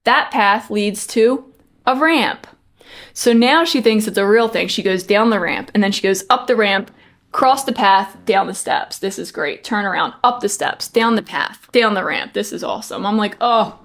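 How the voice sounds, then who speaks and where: A woman in her thirties chats on a podcast with her co-host. She tells stories in an animated way and plays out the dialogue as she goes. Her voice sits at an ordinary middle pitch. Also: normal speed. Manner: animated storytelling, acting out quotes. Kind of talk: casual chat.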